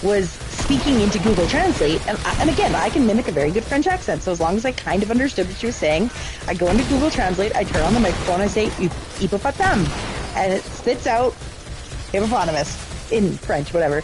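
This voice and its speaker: A middle-aged woman chatting casually with friends while playing a game, telling stories in a lively, chatty way. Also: mid-range voice, fast, over music. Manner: chatty storytelling, lively retelling of exchanges. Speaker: parent and gamer. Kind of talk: casual chat while gaming.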